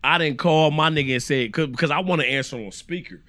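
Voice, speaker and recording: A man co-hosting a podcast, chatting casually and acting out phone calls with animated delivery. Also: fairly high pitch, brisk, no echo. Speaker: podcast co-host. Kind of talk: casual chat.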